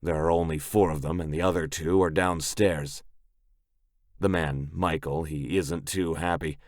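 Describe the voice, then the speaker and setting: A man's voice: very deep voice, steady tone, measured pace, no echo, clean studio sound. A man narrating a romance audiobook in first person, in a gritty, blunt way.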